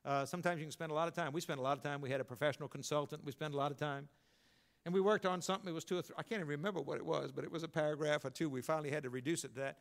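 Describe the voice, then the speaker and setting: An older man preaching a sermon as pastor, telling folksy stories and swinging between emphatic lines and quiet asides. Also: fairly even intonation, racing, creaky. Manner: folksy storytelling, rising to emphatic then dropping low.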